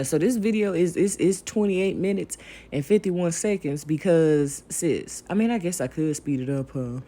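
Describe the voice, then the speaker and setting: A woman's voice: low voice, mellow. A young adult woman hosting a crafting channel, rambling in a casual voiceover and talking straight to her viewers. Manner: rambling and talkative, addresses viewers directly.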